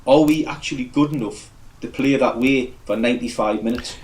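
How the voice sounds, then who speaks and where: A man's voice: mid-range voice, fairly quick, darkish tone, rough recording. A man guesting on a football podcast, thoughtful, with a few restarts. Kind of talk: casual football chat.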